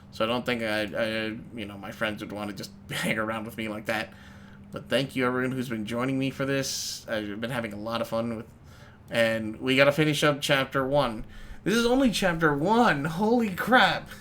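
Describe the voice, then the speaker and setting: A man's voice: medium pitch, a bit bright, slight background noise. A man streaming live, chatting casually and rambling to his viewers while he plays. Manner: rambling, chatty, talks to chat while playing. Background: game music.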